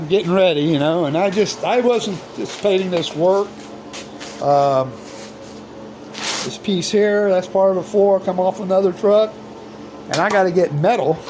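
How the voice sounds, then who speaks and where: A man's voice: fairly high pitch, noisy background. An older retired man talking casually about his plans, folksy and meandering, with lots of fillers and restarts, next to an old truck in his workshop. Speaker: retired vlogger. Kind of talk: casual rambling chat.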